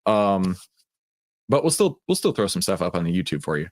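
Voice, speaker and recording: A man's voice: deep voice, very animated, brisk, no room sound, clean studio sound. A middle-aged man with a Texan accent hosts a livestreamed trading room, talking casually with lots of fillers. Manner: casual and chatty, many fillers.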